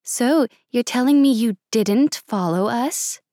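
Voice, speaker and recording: A woman reading aloud and voicing a sharp, sarcastic young woman. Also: on the high side, animated, measured pace, dry recording, studio quality. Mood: angry. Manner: tart and sarcastic.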